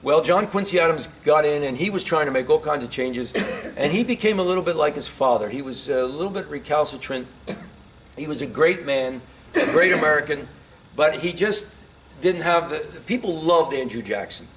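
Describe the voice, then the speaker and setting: A man's voice: on the high side, animated, normal speed, a bit bright, a little hiss or hum. A man giving an informal history lecture to a live audience. He keeps quizzing listeners with questions and grows impassioned about his points.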